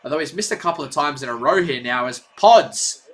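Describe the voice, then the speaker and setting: A young man from Australia, hosting a casual live play-by-play stream and talking in a chatty, rambling, excitable way. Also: on the high side, brisk. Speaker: livestream play-by-play host.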